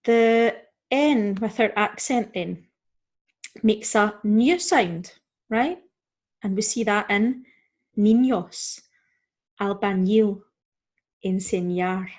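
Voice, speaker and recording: A woman teaching a beginner Spanish lesson, explaining step by step, saying Spanish example words slowly and clearly, and often checking in with "okay?" and "right?". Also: fairly high pitch, animated. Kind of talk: recorded beginner language lesson.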